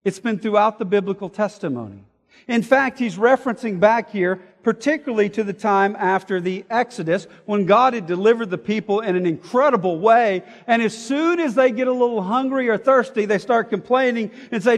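A man preaching an expository sermon, explaining word meanings and reading scripture aloud, moving between loud emphasis and quiet asides. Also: high voice, fairly quick. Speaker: pastor. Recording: hall reverb.

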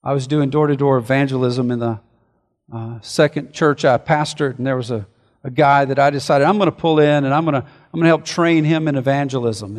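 A man preaching a sermon as a pastor, earnest, swinging between forceful declarations and hushed, slowed reflection. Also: mid-range voice, big-room sound.

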